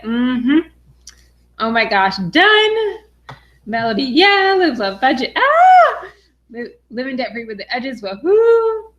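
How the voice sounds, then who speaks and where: A young adult woman from Western Massachusetts hosts a casual live stream and reads viewer comments aloud. She sounds bubbly and excited, with a mid-range voice and lots of "um"s between names. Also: medium pitch, dull audio. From Western Massachusetts, USA. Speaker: personal finance vlogger.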